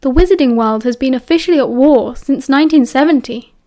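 A woman's voice: sits high, brisk, dark tone, natural voice. A woman with a British accent voicing an earnest, anxious teenage wizard boy who speaks cautiously in an audiobook. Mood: grave. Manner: cautious, concerned.

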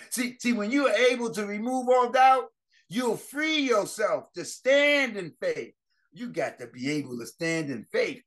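A man's voice: high voice, expressive, normal speed, a bit bright. A male pastor preaching a fervent sermon on a morning prayer line, with repeated exclamations, rising emphasis, and frequent restarts of phrases.

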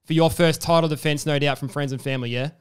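Fast-talking podcast host. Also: male voice, a little high, fairly even intonation, clear, resonant tone. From Australia. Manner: chatty, filler-heavy, enthusiastic. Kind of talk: casual sports interview.

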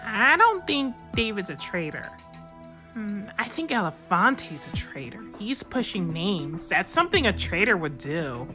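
A woman's voice: mid-range voice, big pitch swings, unhurried, bright, forceful tone, soft background music. A woman voicing a shrewd female toy contestant in a toy reality-show role-play, scheming in a conversational way.

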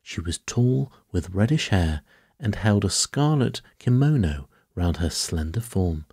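Deep, husky male storyteller. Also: big pitch swings, measured pace, a little mellow, no room sound, studio quality. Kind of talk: bedtime story reading.

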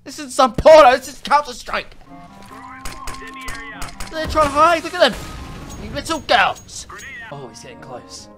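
A woman doing ranting game commentary, loud, profane and mocking, swinging between shouting and muttering. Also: sits high, expressive, unhurried, pauses often. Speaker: gaming commentator. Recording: voice over loud background music. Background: background music.

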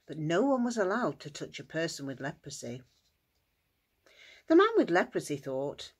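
A woman narrating a children's story at school worship in an expressive, sing-song way. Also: deep voice, moderate pace, pauses often, slightly rough.

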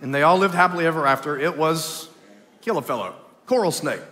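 A man preaching a lively Easter sermon in a church, swinging between loud calls and hushed storytelling. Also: fairly high pitch, brisk. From Texas. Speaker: pastor. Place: church sanctuary, live service. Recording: long church hall reverb.

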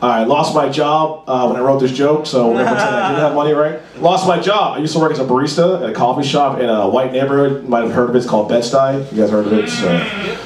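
A man's voice: mid-range voice, fast talker. A young man doing loose, swearing stand-up at an open mic, laughing at his own jokes. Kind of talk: stand-up comedy. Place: small bar back room with audience. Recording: roomy live room, distant mic, crowd.

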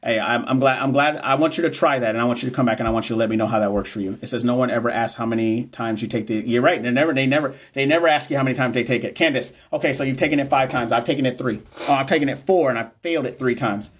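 A man's voice: mid-range voice, very fast, hardly any pauses. A man coaching nursing students on a livestream. He reads chat comments aloud and answers viewers by name in a blunt, profane, encouraging way.

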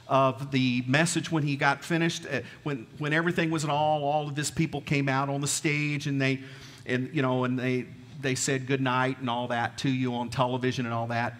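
A middle-aged pastor from the American South, with a Southern twang, preaches a folksy storytelling sermon and asks the congregation questions. His mid-range voice is a bit bright, recorded in a reverberant church sanctuary.

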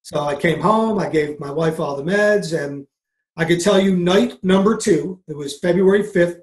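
A middle-aged man, a guest on a podcast, earnestly telling a personal story and acting out past conversations. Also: on the high side. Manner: earnest, re-enacts conversations in quotes. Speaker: podcast guest, mindset coach. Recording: roomy echo.

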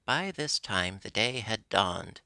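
A man narrating a classic storybook in a steady, measured way. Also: on the low side, vocal fry, no room sound. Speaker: audiobook narrator.

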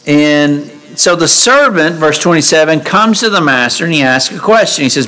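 A man's voice: fairly high pitch, expressive, a little slow, a bit bright, rough recording. Man preaching a conversational sermon. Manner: conversational, asks rhetorical questions, reads scripture aloud. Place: church sanctuary.

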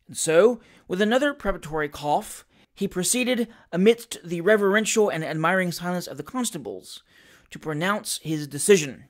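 In a mid-range voice, an audiobook narrator reads a classic novel, keeping the storytelling measured and even.

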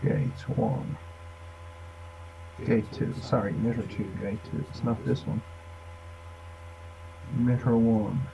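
A man's voice: on the low side, steady tone, slow pace, gravelly, pauses often, lo-fi sound. A man thinking aloud at a workshop bench, rambling casually with wry asides as he demonstrates electronics work. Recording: distant mic with faint room noise.

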